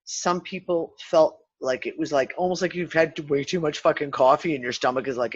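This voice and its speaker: A woman's voice: low-pitched, brisk, hardly any pauses, slightly rough. A woman hosting a casual discussion, telling a story with swearing and acted-out quotes. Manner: animated, profane, acts out quotes. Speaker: host of a spiritual discussion show. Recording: slightly dull lo-fi sound.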